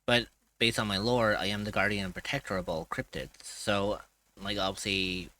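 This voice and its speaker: Tired, rambling man with a bright voice. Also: on the low side, fairly even intonation, normal speed, slight background noise. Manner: rambling, loose, swears casually. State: tired and groggy. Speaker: streamer. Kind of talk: casual chat on a live stream.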